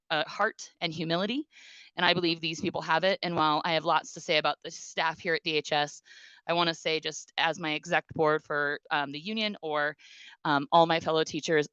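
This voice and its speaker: Low-voiced bright teacher addressing a board. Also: female voice, clear, resonant tone, dry recording, lo-fi sound. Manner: talkative, warm-hearted, emotional, with many ums. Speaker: teacher and union president. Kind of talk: speech at a school board meeting.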